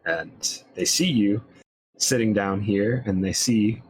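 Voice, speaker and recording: A man running a tabletop game as game master, narrating and explaining rules in a relaxed, encouraging way. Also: lowish voice, slow, breathy edge.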